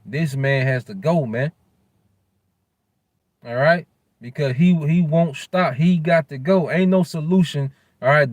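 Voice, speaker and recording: A man's voice: medium pitch, a little mellow, no room sound. Man preaching casually in a dry voice. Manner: ends nearly every phrase with "man"; loose street slang, halting while looking up verses. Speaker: religious teacher. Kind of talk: informal scripture lesson.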